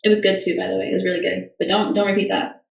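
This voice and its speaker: A young woman chats casually on a livestream, fielding fan questions in a rambling way full of fillers and restarts. Her mid-range voice stays fairly flat in pitch, comes out rapid-fire and creaky, and sounds off-mic in an echoey room.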